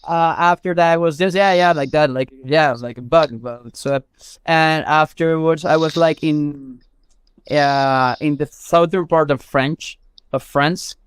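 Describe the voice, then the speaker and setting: Smooth-voiced Mexican-born man telling stories. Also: fairly high pitch, a little slow, no echo. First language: Spanish. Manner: chatty storyteller, many fillers and restarts. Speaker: guest. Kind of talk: casual chat.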